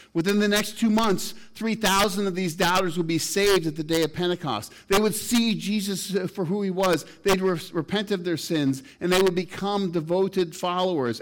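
This is a man preaching, a pastor who reads passages of scripture aloud. For emphasis, his voice swells and falls in both pitch and volume.

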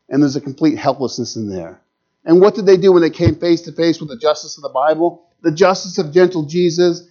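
A middle-aged man preaching a sermon dramatically, rising to urgent peaks and dropping to hushed lows. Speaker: pastor. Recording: dull lo-fi sound.

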